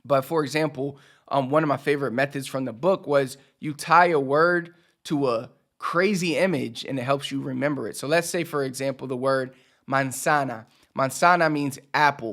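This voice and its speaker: A man giving a casual video lesson as a language teacher, relaxed, repeating key words slowly for emphasis. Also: medium pitch.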